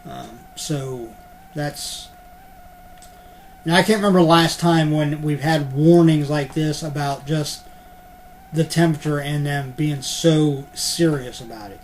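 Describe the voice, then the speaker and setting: An unboxing vlogger opens collectibles while chatting in a rambling, casual way, with plenty of ums and the occasional curse. His voice is on the high side and a little slow, picked up by a computer webcam with slight hiss or hum.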